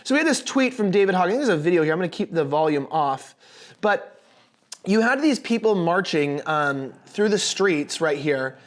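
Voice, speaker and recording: Animated young man with a high voice. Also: normal speed. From United States. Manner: animated, sarcastic, many restarts. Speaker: political commentary host. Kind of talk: casual commentary monologue.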